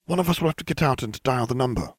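A man's voice: mid-range voice, lively intonation, fast, dry recording, clean studio sound, voice pushed up, close to an everyday voice. A man voicing a smug, teasing teenage boy wizard, reading a storybook.

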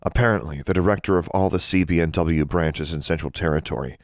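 A man narrates a fantasy audiobook with a steady, measured delivery. His voice sits extremely low. The recording is close and dry. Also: no echo. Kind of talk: scripted narration.

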